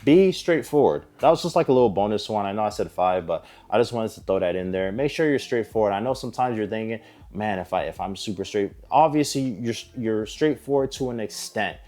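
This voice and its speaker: A man's voice: fairly low pitch, animated, fairly quick, few pauses, warm tone, soft background music. A man giving dating advice straight to camera in a blunt, emphatic way, swearing freely. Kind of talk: direct-to-camera advice monologue.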